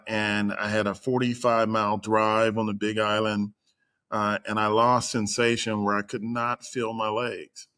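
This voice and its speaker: A middle-aged executive with a fairly low voice, appearing as a podcast guest, shares a personal story in a casual, animated retelling. He uses many ums and uhs and acts out the voices of the people he quotes.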